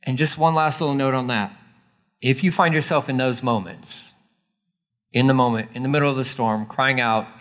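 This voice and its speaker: A man's voice: medium pitch, normal speed, a bit bright. A man giving a sermon as a pastor, casual and emphatic, repeating key lines for weight.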